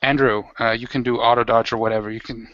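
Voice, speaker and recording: A man running a tabletop role-playing game as game master, who explains the rules haltingly with many fillers. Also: mid-range voice, level tone, a bit bright, dry recording. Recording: dull lo-fi home recording.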